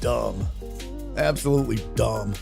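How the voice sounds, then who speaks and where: A man's voice: medium pitch, unhurried, creaky, a little mellow, soft background music. A man hosting a live-streamed sports talk show, ranting with lots of profanity and answering viewer chat.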